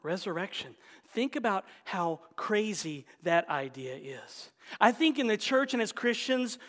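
A man preaching an Easter sermon, moving between loud exclamations and hushed whispers. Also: sits high. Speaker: pastor. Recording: long reverb of a large hall.

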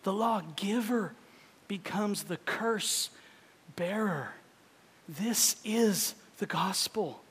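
Dramatic preacher in a reverberant hall. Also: male voice, sits high, very slow, breathy edge. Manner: dramatic, swinging from loud emphasis to hushed whispers. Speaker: pastor. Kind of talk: sermon. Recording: long reverb of a large hall.

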